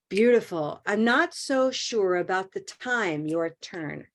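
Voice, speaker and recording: A woman teaching an English pronunciation class over a video call, modeling phrases slowly and praising her students. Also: mid-range voice, very animated. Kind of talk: online class coaching.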